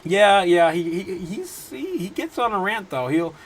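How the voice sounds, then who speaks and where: A man in his thirties hosting a casual crypto livestream from his home, rambling through viewer comments with halting restarts and frequent laughs. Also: sits high, very animated, slightly rough, rough recording. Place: home room.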